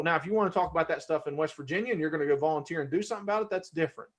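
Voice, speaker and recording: Animated man giving a workshop talk. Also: a little high, rapid-fire, hardly any pauses. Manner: conversational, self-correcting, gets fired up. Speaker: presenter. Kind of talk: live-streamed workshop talk.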